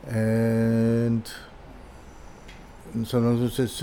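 A lowish, warm voice with a steady tone comes from an older man, a furniture designer appearing as an interview guest. He tells a casual story haltingly, breaking off, restarting and repeating words. There's a little hiss or hum in the background.

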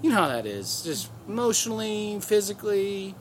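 Chatty storytelling man, slightly high voice. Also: very animated, normal speed, a little hiss or hum. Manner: rambling, profane, acts out voices in anecdotes. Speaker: podcast host. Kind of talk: casual comedic storytelling.

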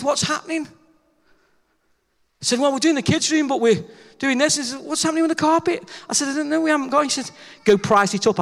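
A man preaching a sermon, his voice sitting unusually high. He tells his story with energy and acts out the dialogue. The sound rings with a long hall reverb. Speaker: pastor.

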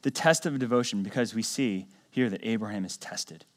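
A man preaching a sermon as pastor, telling the story in a conversational way and swinging between loud emphatic lines and quiet low ones. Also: brisk. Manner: conversational storytelling with acted quotes.

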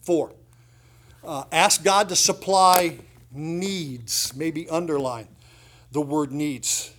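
A middle-aged man preaching to his congregation in a church. He talks in a loose, conversational way, leaning into points with sudden emphasis and casual asides. His voice sits a little high for a man. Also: very slow, fairly bright tone. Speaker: pastor. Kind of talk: sermon.

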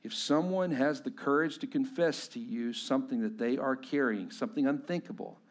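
A middle-aged man preaching a sermon as a pastor, swinging between loud emphatic passages and hushed, intense appeals. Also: medium pitch, moderate pace.

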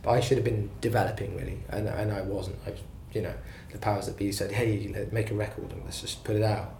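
Low-voiced rambling singer-songwriter man. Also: fairly even intonation, quick pace, gravelly, darkish tone, a little hiss or hum. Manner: rambling, self-deprecating storytelling. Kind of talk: casual interview chat. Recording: roomy echo, faint ambience.

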